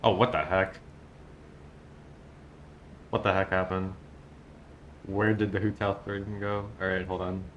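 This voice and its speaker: A man's voice: low-pitched, little pitch movement, unhurried, long pauses, a bit bright, highs cut off, slight background noise. A man streaming live with a groggy morning voice, flustered and self-mocking as he reads aloud to chat.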